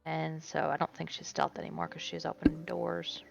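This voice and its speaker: A woman's voice: low-pitched, little pitch movement, moderate pace, vocal fry, lo-fi sound, faint music behind. A woman playing a tabletop game, describing her character's moves in an easygoing, self-correcting way. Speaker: player.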